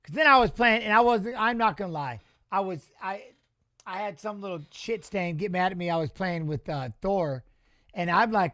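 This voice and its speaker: A middle-aged man hosting a fight watch-along, chatting casually and telling animated, swear-laced stories. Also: high voice, moderate pace, no echo, clean studio sound. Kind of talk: casual chat reading live chat.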